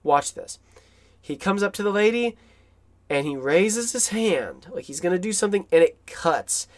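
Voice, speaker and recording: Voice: medium pitch, animated, moderate pace. A film commentator talking casually and enthusiastically, rambling with many fillers and restarts.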